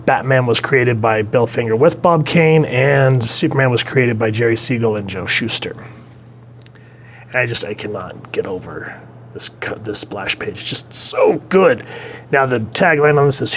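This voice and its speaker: A young man gives a casual, rambling comic book review, with an easy-going, enthusiastic delivery. His voice sits in a middle register, and a faint hiss can be heard behind him. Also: mid-range voice. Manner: enthusiastic, rambling commentary with fillers.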